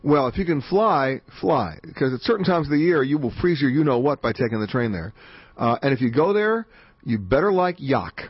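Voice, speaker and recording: Fast-talking male radio host, husky. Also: medium pitch, big pitch swings, no echo. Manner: emphatic, chatty, quick asides. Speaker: radio travel show host. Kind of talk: fast radio call-in talk. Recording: dull band-limited radio audio.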